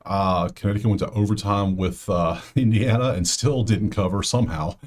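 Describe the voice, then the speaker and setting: Speaking at a normal speed in a lowish voice, a man runs a sports betting channel where he talks through matchups and picks casually, using slang and reasoning aloud for his viewers.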